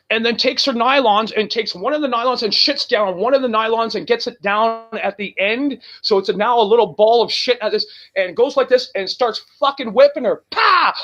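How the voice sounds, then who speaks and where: A man telling a profane, animated road story as a guest on a casual talk show. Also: very high-pitched. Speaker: guest musician.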